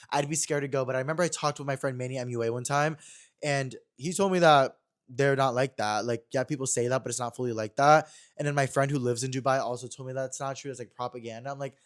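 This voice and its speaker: A young man hosting his own podcast, telling a story in a chatty, animated way and talking fast. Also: mid-range voice. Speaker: podcast host. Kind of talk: casual chat.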